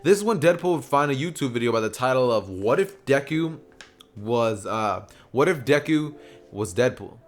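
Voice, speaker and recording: A man's voice: medium pitch, expressive, normal speed, soft background music. Rambling casual guy narrating a fan story. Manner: rambling, filler-heavy, self-correcting. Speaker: YouTube storyteller.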